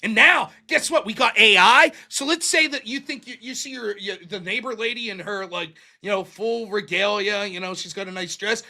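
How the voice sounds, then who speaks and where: A man's voice: high voice, normal speed, few pauses, bright, forceful tone. A man arguing in a debate, profane and rambling, acting out little quoted voices as he goes. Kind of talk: heated debate talk.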